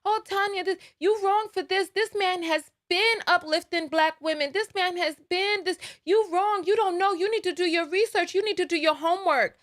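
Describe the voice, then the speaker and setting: Woman mimicking shrill scolding female commenters. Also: normal speed, few pauses, fairly bright tone. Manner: high, whiny, reproachful.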